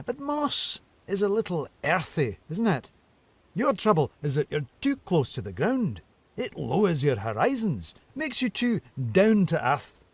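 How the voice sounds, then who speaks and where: A man's voice: high voice, breathy edge, no room sound, pitched above the performer's own voice, full character voice. A man voicing a whimsical fox who talks in playful, meandering turns. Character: whimsical, rambling old male fox poet.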